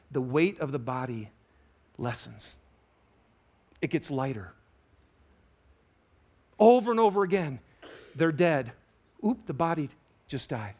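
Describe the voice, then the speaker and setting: A man preaching a sermon to a congregation, animated, stretching key words and dropping to a hush for emphasis. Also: fairly high pitch. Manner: animated preaching, swinging from loud emphasis to hushed, drawn-out words. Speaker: pastor. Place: church auditorium with a congregation.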